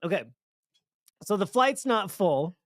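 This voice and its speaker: A man's voice: high voice, slow, no room sound. Man, radio co-host, casual chat, acts out quotes, dry close mic. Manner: animated storytelling, acting out quotes.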